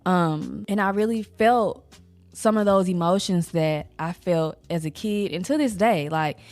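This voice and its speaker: Candid low-voiced mom talking casually. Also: female voice, unhurried, darkish tone, no room sound. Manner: casual, rambling, frequent "like" fillers. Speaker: mother sharing her own healing. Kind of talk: candid personal talk to camera.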